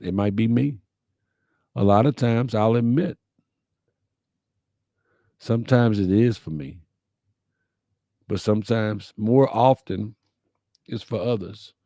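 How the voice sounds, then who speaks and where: A man's voice: on the low side, takes it slowly, pauses often, dark tone, dry recording, clean studio sound. A middle-aged man, hosting a livestream, reading viewer comments and answering them in a folksy, heartfelt, preacherly way. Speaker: host of a live-streamed message show.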